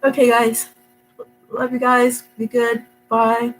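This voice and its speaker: A woman's voice: on the high side, monotone, slow, faint music behind, poor audio. A middle-aged woman talking casually to camera at home, rambling and emotional, with many fillers and restarts. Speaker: vlogger. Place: her home, indoors.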